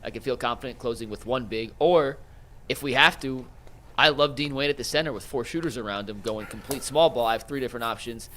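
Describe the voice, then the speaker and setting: A man's voice: mid-range voice, a little fast, pushed and bright, slight background noise. A man on a sports talk show, steadily reporting facts and quotes. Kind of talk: casual sports chat.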